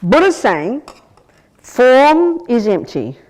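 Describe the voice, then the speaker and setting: A woman's voice: on the high side, sing-song, takes it slowly, a little mellow. An older woman, a Buddhist nun, giving an emphatic teaching, repeating and restarting phrases as she explains. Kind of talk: dharma teaching. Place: meditation centre hall.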